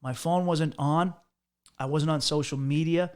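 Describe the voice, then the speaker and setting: A man's voice: a little high, a little slow. Profane rambling young American man. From United States. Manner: profane, rambling, animated with frequent restarts. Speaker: podcast host. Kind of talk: casual storytelling monologue.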